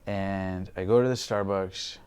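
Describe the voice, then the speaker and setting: A man's voice: low voice, steady tone, unhurried, a little mellow, slight background noise. A man in his twenties, a podcast guest, telling his personal story candidly, swearing freely and acting out his past thoughts. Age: 20s.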